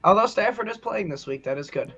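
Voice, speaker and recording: A man co-hosts a casual sports podcast. He cracks jokes and laughs often, with a voice pitched a touch above the usual male range. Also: expressive, fast, fairly bright tone, slightly rough. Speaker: podcast co-host.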